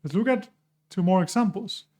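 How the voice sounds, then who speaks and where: A man's voice: sits high, lively intonation, normal speed, a little mellow. A man with a Spanish accent, a native Spanish speaker, explaining grammar in a patient online lesson and correcting his own slips as he goes. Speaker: Spanish teacher.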